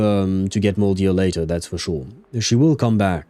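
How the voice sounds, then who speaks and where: A man's voice: deep voice, normal speed, mellow, no echo. A man streaming a game, narrating scenes and chatting with viewers in a rambling, casual way. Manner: rambling, chatty, answers chat, frequent fillers and laughs.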